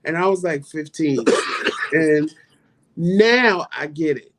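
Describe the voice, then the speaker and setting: A man co-hosting a casual chat and telling a story with animated, dramatic flair and playful asides. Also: on the high side, slow, slight background noise. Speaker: co-host.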